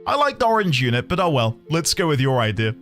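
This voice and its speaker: A man's voice: fairly high pitch, big pitch swings, a little fast, a bit bright, faint music behind. A man streaming a video game, chatting casually and joking as he plays. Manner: playful, joking, bursts of laughter. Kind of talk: casual let's-play commentary.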